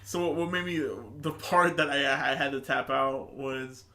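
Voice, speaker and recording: A man co-hosting a podcast in casual chat, retelling scenes in an animated way. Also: mid-range voice, unhurried. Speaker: podcast co-host.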